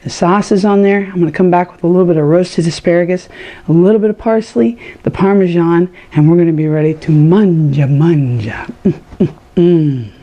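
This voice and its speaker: A woman's voice: on the low side, fast talker, warm tone, muffled recording. A woman hosting a home cooking show, chatting to viewers with enthusiasm as she cooks. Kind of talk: casual cooking demonstration.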